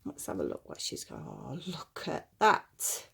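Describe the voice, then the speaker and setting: A woman with a rumbling low voice, vocal fry, and huge, unhurried pitch swings chats casually to camera at home while unboxing little dolls. Her tone is a bit bright and slightly rough, and she sounds a bit out of breath as she coos over the tiny details like the doll collector she is.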